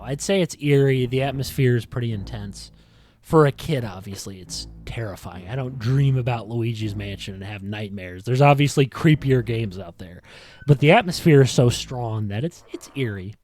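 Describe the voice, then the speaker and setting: A podcast host in front of a green screen delivers a casual retrospective monologue, rambling and sprinkling in "like" and "you know." His mid-range voice has a darkish tone, and he speaks animatedly at a moderate pace.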